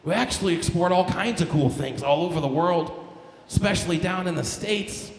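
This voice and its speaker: A Canadian man doing a crude, loud stand-up set, his voice a bit hoarse. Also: high voice, moderate pace. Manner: brash, crude, loud punchlines. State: slightly hoarse. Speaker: stand-up comedian. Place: comedy stage in a club. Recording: echoey club room with long reverb.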